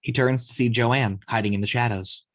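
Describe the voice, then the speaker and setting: A man narrating the action lines of a screenplay read-through in a steady storytelling manner. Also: mid-range voice, moderate pace, dry recording. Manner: steady storytelling, occasional slips. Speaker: narrator reading action description.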